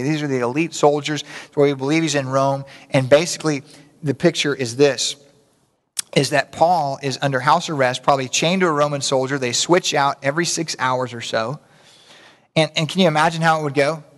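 A pastor with a fairly high, slightly bright voice preaches a sermon in a conversational, folksy manner, making asides to the congregation. The recording carries the reverb of a large hall.

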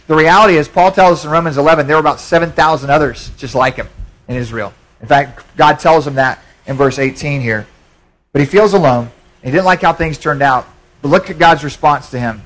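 A man's voice: on the high side, a little fast, a bit bright, low-quality recording. A man pastor preaching a sermon in a church, conversational, with frequent repetitions and restarts.

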